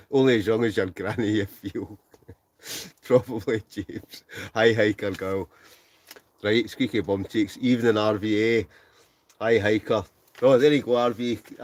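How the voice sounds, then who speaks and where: Scottish guy in his 40s, bit low voiced, chatting away on a live stream, mumbles and laughs a lot. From Scotland. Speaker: livestream host. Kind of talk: casual live chat reading comments. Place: inside a tent.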